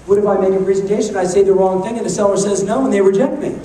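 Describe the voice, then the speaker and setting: A man giving an energetic motivational talk to a live audience, joking and firing questions at the crowd. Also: sits high, very fast, a little hiss or hum. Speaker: motivational speaker. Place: large conference hall. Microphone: handheld camcorder in the audience. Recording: echoey hall taped from far off on a camcorder.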